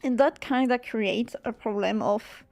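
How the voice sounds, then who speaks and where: A woman's voice: on the high side, a little slow, vocal fry, darkish tone, dry recording, faint music behind. A young French woman streaming from home, chatting casually while she crafts, swearing freely and laughing often. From France.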